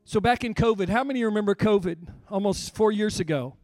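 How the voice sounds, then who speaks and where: A middle-aged male pastor with a strikingly high voice preaches with passion, sinking to near-whispers and then climbing to full shouts. The sound is close and dry, with faint music underneath. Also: brisk, no room sound. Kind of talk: sermon.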